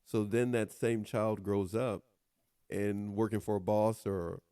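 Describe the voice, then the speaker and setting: A man's voice: lowish voice, flat delivery, slow, dark tone, smooth, dry recording. Man reflecting on a dry mic. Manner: reflective, adds to the guest's points. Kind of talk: conversational podcast talk.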